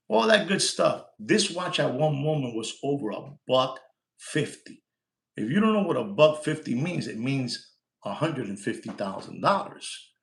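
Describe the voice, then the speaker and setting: A man hosting a live stream about luxury watches, brash and loud, mixing English with Spanish slang and repeating himself for emphasis. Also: on the high side, roomy sound. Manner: repeats lines and shouts for likes. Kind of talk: casual live-stream sales talk.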